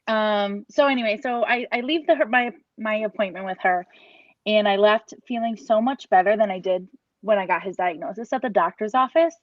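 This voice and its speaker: A woman's voice: medium pitch, no room sound, highs cut off. A woman in her thirties telling an emotional personal story about her son, earnest and rambling, full of restarts and quoted thoughts. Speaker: parent giving a testimonial.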